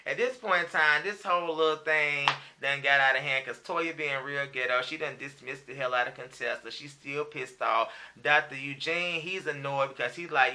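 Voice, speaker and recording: A man's voice: medium pitch, normal speed, hardly any pauses, pushed and bright. A man giving a chatty, profane, gossipy review of a reality TV episode, peppering his talk with filler phrases. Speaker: reality TV recap vlogger.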